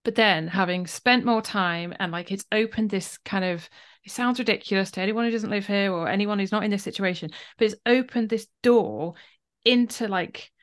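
A woman from Wales hosting a casual interview on a video call, telling stories with lively enthusiasm. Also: medium pitch, moderate pace. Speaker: podcast host.

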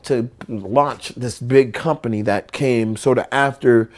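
A man's voice: mid-range voice, unhurried. A man and former pro skateboarder telling stories in casual talk, acting out quotes in many voices and swearing freely. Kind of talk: casual storytelling.

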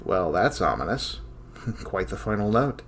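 A man's voice: low-pitched, sing-song, a little slow, fairly bright tone, faint music behind, heavily acted. An actor playing a weary, sarcastic male scholar who works alone in an archive, talking with a dry, irritable edge. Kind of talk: audio drama acting.

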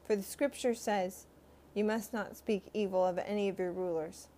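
A woman's voice: mid-range voice, steady tone, moderate pace, warm tone, lightly acted. A woman voicing a bold, outspoken male apostle defending himself, earnest and defiant.

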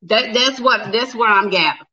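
On a muffled recording, a flustered livestream host talks directly to her audience as "y'all" in casual live chat. She speaks at a normal pace in a rather high voice, sharp in tone with a breathy edge.

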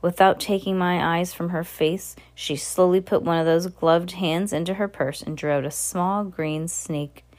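A woman reading a children's novel aloud with expressive storytelling. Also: on the low side, unhurried, hardly any pauses. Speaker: reader.

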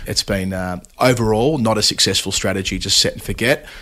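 A man co-hosting a cricket podcast, talking in a measured, analytical way. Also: fairly low pitch, sharp tone. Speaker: podcast co-host. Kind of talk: casual cricket chat.

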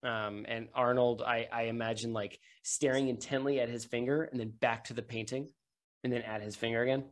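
A game master narrating a tabletop game on a podcast, casual and halting with many fillers. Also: mid-range voice, steady tone. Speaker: dungeon master.

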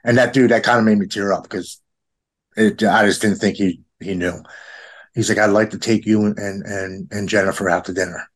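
A man's voice: on the low side, steady tone, moderate pace. Man sharing a heartfelt story. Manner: storytelling, quotes others in a raised voice. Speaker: guest in recovery. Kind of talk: casual conversation.

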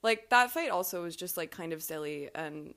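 A woman's voice: fairly low pitch, lively intonation, normal speed, fairly bright tone. A woman talking as a podcast guest in casual chat, rambling along and filling her speech with "like.". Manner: rambling, heavy use of "like" fillers. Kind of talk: casual chat recapping a reality show.

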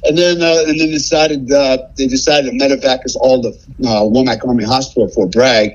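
A man's voice: mid-range voice, fairly even intonation, moderate pace, muffled recording. A man telling a story as a podcast guest, laughing often and tossing in "man" and "right?". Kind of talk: casual storytelling.

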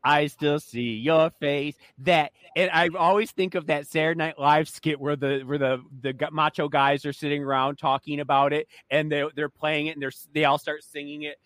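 Chatty joking man, slightly high voice. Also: fairly even intonation, fairly bright tone, no room sound. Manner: chatty, joking, quick asides. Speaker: podcast co-host. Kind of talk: casual chat.

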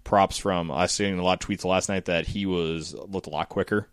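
A man with a fairly low voice hosts a relaxed podcast. He stumbles and restarts often, with plenty of fillers and half-finished thoughts. The sound is dry and close, with no room echo. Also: smooth. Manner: halting, filler-heavy, trailing off mid-sentence. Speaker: podcast host. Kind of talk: casual podcast chat.

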